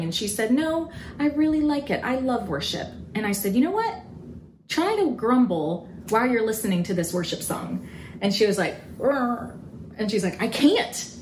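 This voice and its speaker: Storytelling woman in an echoey room. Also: mid-range voice. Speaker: co-host of a faith talk show. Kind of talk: casual storytelling chat. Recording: echoey room with faint noise.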